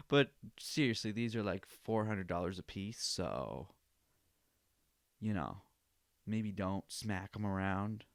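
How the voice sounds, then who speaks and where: A young man hosting a podcast, rambling along in casual chat and breaking into laughter, cursing freely. His voice is smooth and clear with a lively, swooping pitch. The sound is dry and close. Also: no room sound. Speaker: podcast host.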